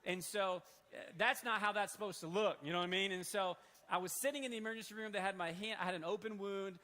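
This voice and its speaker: Man in his 30s, high bright voice, animated sermon storytelling, long hall echo. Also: quick pace.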